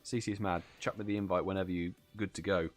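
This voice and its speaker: Low-voiced tired British man streaming. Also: steady tone, fast, faint music behind. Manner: chatty, reads out chat messages, yawns and laughs. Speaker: livestream host. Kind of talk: casual live stream chat.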